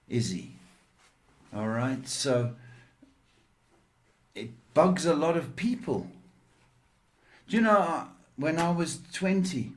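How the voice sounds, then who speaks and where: A man hosting a livestream psychic reading, giving advice in a slow, rambling way with many fillers and fond names for his callers. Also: medium pitch. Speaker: psychic reader and show host.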